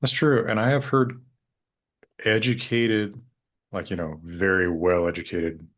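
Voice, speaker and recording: Man, deep voice, Colorado Western drawl, thoughtful interview guest. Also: flat delivery, a bit bright. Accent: Colorado, American West. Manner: slow drawl, thoughtful, hedging. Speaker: guest linguist. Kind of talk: conversational interview.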